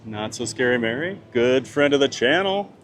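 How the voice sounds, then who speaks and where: A man's voice: mid-range voice, lively intonation, normal speed, a bit bright, a little hiss or hum. A man chatting casually on a live stream, reading out viewer comments and answering them. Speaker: theme park vlogger reading live chat. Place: outdoors at a theme park.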